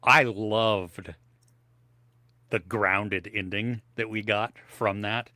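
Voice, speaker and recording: A male co-host of a live movie podcast rambles through casual stream chat from his home office setup, snacking on air. He speaks extremely slowly in a fairly low voice with a sharp tone and fairly even intonation, with no echo.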